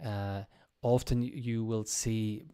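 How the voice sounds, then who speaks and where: Mellow-voiced male English teacher. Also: on the low side, fairly even intonation, slow pace, clean tone. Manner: explanatory, with frequent ums and restarts. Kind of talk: casual live-streamed lesson.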